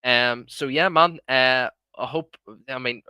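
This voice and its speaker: A man's voice: medium pitch, slow pace, bright, forceful tone, clean tone, no room sound. A young Irish man hosting a live stream, talking casually and heatedly, swearing often and calling listeners "man". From Ireland. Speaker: livestream host.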